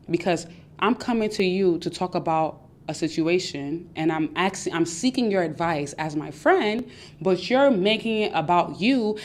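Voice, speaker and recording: A young adult woman hosting a podcast, giving casual advice and acting out her friends' voices with lively energy. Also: lowish voice. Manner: animated, acts out friends' voices. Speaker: podcast host.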